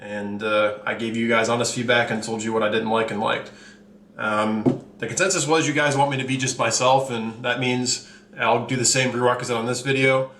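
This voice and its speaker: A man hosts his own watch channel, reviewing watches in a casual vlog to camera; he's candid and blunt, rambling with lots of fillers and running a little out of breath. His mid-range voice is steady, fairly bright, and at normal speed. The echoey room has faint ambience and a little hiss or hum.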